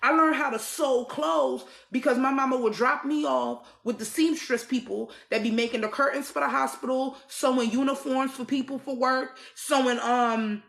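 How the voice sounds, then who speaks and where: A woman's voice: high voice, normal speed, vocal fry, few pauses, fairly bright tone, reverberant. A woman telling her own life story in an emphatic, repetitive way, often restarting her sentences. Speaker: survivor sharing her story. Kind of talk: personal storytelling.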